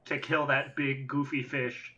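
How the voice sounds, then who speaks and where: A man's voice: mid-range voice, a little slow, muffled recording. A man co-hosting a casual gaming podcast, telling stories animatedly and acting out what other players said. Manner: animated storyteller, acts out other players' lines. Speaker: podcast co-host.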